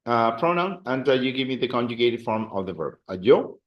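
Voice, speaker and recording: A man's voice: medium pitch, sing-song, lo-fi sound. A man teaching a class, explaining verb endings patiently and drilling students in a classroom. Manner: slow, patient, drills students with call-and-response. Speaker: Spanish teacher. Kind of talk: classroom lesson.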